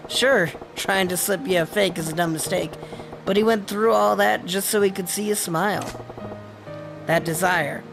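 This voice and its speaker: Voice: medium pitch, fairly even intonation, moderate pace, vocal fry, over music, lightly acted, rough recording. A streamer voicing a brash, blunt yakuza man in a game, reading his lines in a streetwise lecturing tone. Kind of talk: reading game dialogue aloud.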